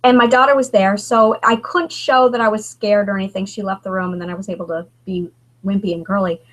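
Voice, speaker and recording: A woman in her thirties speaks as a guest author in a candid conversation. She halts and restarts often as she talks. Her pitch sits in the middle range. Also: steady tone, a bit bright, rough recording. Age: 30s. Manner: halting, emotional, many restarts.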